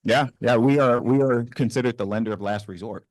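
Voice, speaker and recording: A man's voice: medium pitch, fairly quick, no echo, studio quality. A man with a Southern accent from New Orleans, speaking on a business panel to a live audience in a conversational way, with many ums and restarts. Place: university event room.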